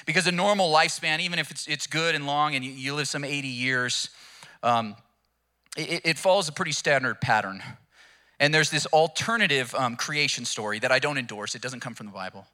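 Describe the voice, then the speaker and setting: A man's voice: fairly high pitch, a little fast, bright, forceful tone. A young adult man preaching a sermon in a casual, storytelling way with jokes. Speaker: pastor.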